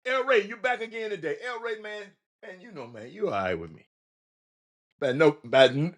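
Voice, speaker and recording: A man's voice: sits high, animated, normal speed. A man hosting a casual sports call-in show, loose and rambling, repeating words and talking to listeners as y'all.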